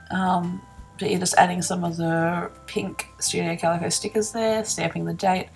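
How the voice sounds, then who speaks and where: Low, gravelly-voiced woman, sleepy. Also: moderate pace, darkish tone, soft background music. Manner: chatty, self-deprecating, laughs often, yawning. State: sleepy, yawning. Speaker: scrapbooking vlogger. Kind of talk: casual voice-over narrating a craft process.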